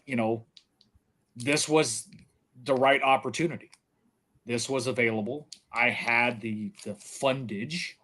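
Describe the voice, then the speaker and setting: A man's voice: mid-range voice, a bit bright. A man co-hosting a podcast in casual chat, telling a story in an easygoing way with many fillers. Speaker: podcast co-host.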